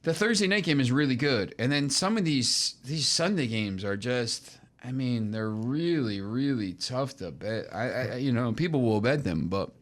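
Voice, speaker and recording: A man's voice: medium pitch, expressive, moderate pace, hardly any pauses, a bit bright. A man co-hosting a sports betting show, sounding weary and hedging his picks in casual chat.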